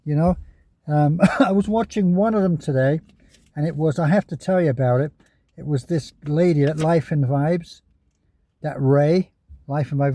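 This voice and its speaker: A man's voice: a little high, warm tone. A man in a parked car giving casual, rambling commentary on other YouTubers, chatty and often chuckling.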